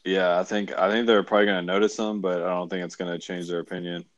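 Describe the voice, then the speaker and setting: A man's voice: low voice, flat delivery, quick pace, no room sound, dull audio. A young man co-hosting a sports chat, who hesitates and fills his sentences with ums and likes. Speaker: co-host.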